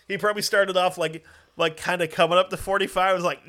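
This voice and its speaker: A man's voice: high voice, level tone, quick pace, pushed and bright. A man from the United States telling a history story in a casual, profane, joking way with lots of fillers. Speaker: podcast host.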